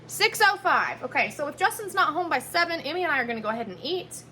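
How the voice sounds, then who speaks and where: A woman talks through dinner prep in her home kitchen, rambling and correcting herself as she goes. Her voice is bright and a little high. A faint room hum sits under the phone recording. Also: big pitch swings, quick pace. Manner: chatty, rambling, self-correcting. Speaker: vlogger cooking at home. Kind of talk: casual chat while cooking. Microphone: handheld phone camera.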